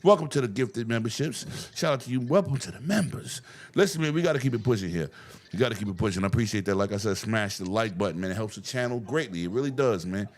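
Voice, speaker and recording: A man hosting a casual gaming podcast, talking in a loose, profane way and laughing loudly. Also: fairly low pitch, fast talker. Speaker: host.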